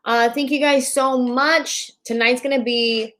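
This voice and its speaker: A woman's voice: high voice, fairly even intonation, a little slow, a bit bright. Chatty woman hosting a livestream. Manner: chatty, playful, laughing at tech trouble. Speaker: host. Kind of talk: casual livestream chat. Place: borrowed bedroom.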